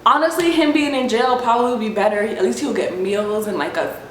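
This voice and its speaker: A young woman tells a storytime vlog in a fairly high voice, animated and swearing as she acts out the other people. The room is echoey, with a faint hiss underneath. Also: fairly quick. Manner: animated, swearing, acting out voices in her retelling. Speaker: vlogger.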